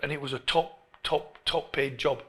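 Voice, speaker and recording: A middle-aged English man, a football coach being interviewed, who tells stories in an animated way and often restarts his phrases. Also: a little high, moderate pace. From England. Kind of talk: storytelling interview.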